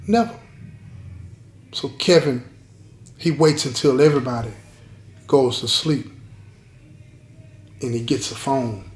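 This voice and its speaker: A man's voice: medium pitch, darkish tone. A man telling a dramatic story to his viewers, emphatic and repeating key lines, talking straight to the audience. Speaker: storyteller host. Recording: roomy echo.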